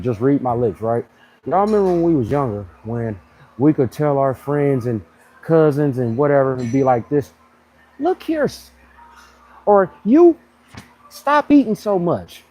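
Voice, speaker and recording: A man in his thirties talks straight to viewers in a loose live-stream chat about training. He sounds blunt and animated, leaning on slang and popping into higher voices to mimic people. His tone stays dark and mellow. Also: rough recording. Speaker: fitness channel host.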